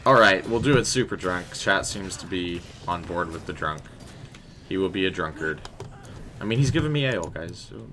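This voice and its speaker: Deep-voiced man chatting through a game stream. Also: lively intonation, normal speed, bright, forceful tone, slight background noise. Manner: chatty and rambling, talking to chat. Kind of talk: casual live gameplay commentary.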